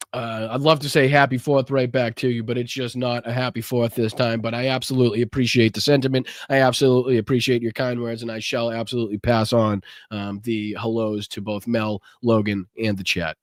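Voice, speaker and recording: A man's voice: mid-range voice, no room sound, clean studio sound. A man hosting a live podcast stream, ranting with lots of swearing, then thanking viewers from the chat. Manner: profane, impassioned ranting; calmer, halting reading of chat messages. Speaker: podcast host. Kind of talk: livestream rant and chat thank-yous.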